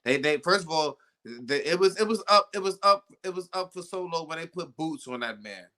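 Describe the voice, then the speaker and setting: A man's voice: fairly high pitch, lively intonation, a little fast, bright, forceful tone. A man co-hosting a casual wrestling podcast, talking profanely and animatedly, often repeating himself. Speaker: podcast co-host.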